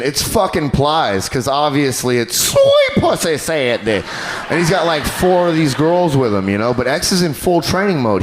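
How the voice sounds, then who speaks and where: Animated male stand-up comic. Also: medium pitch, slight background noise. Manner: animated, crude, jumps into character voices. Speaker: stand-up comedian. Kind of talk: stand-up comedy set. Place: comedy club stage.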